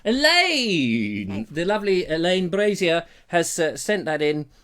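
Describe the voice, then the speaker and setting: Man, English, live stream host, theatrical, rambling, lively pitch, fairly high voice. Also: takes it slowly. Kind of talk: casual live chat. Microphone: lapel.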